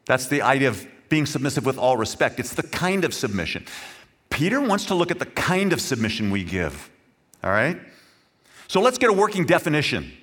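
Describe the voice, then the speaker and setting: A man's voice: mid-range voice, big pitch swings, brisk, a bit bright, husky. A man preaching a sermon to his congregation, earnest and emphatic, speaking directly to the listeners. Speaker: pastor.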